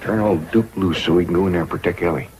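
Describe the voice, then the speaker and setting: An actor playing a calm backwoods family patriarch with a dry, folksy Ozarks drawl in a 1960s sitcom. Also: male voice, low voice, fast, over a noisy crowd, close to an everyday voice. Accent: Ozarks rural American. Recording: noisy old TV soundtrack.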